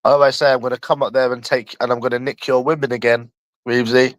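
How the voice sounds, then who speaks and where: A man's voice: medium pitch, level tone, quick pace, no room sound. A man from London chatting casually on a livestream, rambling and addressing a viewer by nickname.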